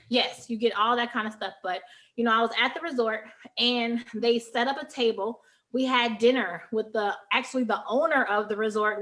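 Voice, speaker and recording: A woman who is a travel agent trainer, giving a lively, emphatic presentation on a training call and tagging her points with "okay?". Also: on the high side.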